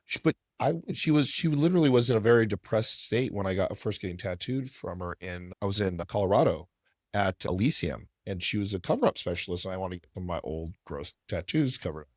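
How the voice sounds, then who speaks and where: A man with a low voice talks quickly and loosely, rambling through a story with plenty of swearing. The sound is dry and close, with no room around it. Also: expressive, a little mellow, no echo. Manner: fast, rambling, profane. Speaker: podcast host. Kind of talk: casual storytelling.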